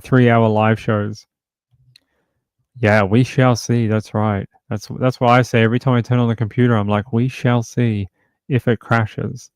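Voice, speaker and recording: A man of middle pitch hosts a true crime livestream from home, talking loosely and rambling with plenty of filler words. His voice is recorded close and dry, with no room sound. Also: darkish tone, smooth, no room sound. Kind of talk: casual livestream chat.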